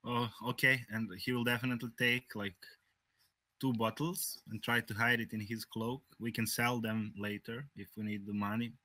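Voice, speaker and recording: A man playing in an online tabletop game, describing his character's actions in a low-key way. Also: flat delivery, moderate pace, sharp tone, dry recording. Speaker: player. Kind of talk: casual tabletop role-play.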